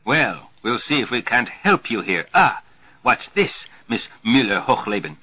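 A man voicing a bullying, mocking grown man who shouts and taunts, his voice pushed up higher and louder. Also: sing-song, measured pace, slightly rough, no echo. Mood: taunting. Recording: dull lo-fi recording.

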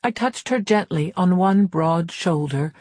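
A woman narrating a novel in the first person, in a measured, reserved way. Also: fairly low pitch, expressive, darkish tone, slightly rough, no room sound, studio quality. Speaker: audiobook narrator. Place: recording studio. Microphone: close studio mic.

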